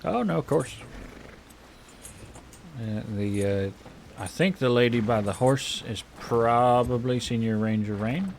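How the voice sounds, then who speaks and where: Casting note: a man playing an easygoing frontier healer, mid-pitched, chatty, hesitant. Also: a little slow, gravelly, long pauses, slight background noise. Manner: rambling, hesitant, friendly, many fillers. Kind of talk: in-character western roleplay chat.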